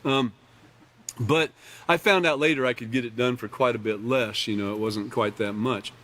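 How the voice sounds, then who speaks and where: A man teaching a live online class from slides, talking casually with joking asides and often clearing his throat. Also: medium pitch, normal speed, a bit bright. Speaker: class instructor.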